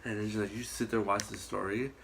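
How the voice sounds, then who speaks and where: A man chatting casually on a podcast, telling rambling, animated stories and swearing often. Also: fairly low pitch, quick pace, creaky, noisy background. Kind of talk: casual chat.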